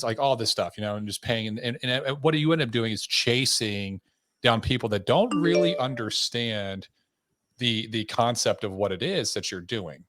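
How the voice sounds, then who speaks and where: A man hosting a podcast, telling stories in a relaxed, chatty way with fillers and some swearing. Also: on the low side, fairly quick, no echo, studio quality. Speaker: podcast host, insurance agent. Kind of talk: casual podcast conversation.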